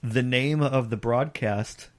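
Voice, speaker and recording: A man's voice: mid-range voice, slow. A man hosting a casual podcast in a studio, chatting and reacting to the others. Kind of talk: casual chat.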